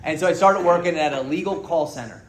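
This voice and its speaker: A man's voice: on the high side, fast talker, a little hiss or hum. A man sharing his story at a recovery meeting, frank and joking, swearing freely as he speaks to the group. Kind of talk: candid personal testimony to a group. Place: meeting room with an audience. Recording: roomy hall echo.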